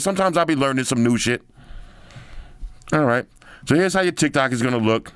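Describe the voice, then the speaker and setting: A man's voice: medium pitch, lively intonation, a little fast, pauses often, fairly bright tone, smooth, no room sound. A chatty man hosting a tech channel, tossing in slang as he talks. His loose, thinking-aloud commentary comes across dry and close, with no room sound. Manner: slangy and chatty, drops in "yo" and "bro". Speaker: tech video host. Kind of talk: casual commentary while scrolling a phone.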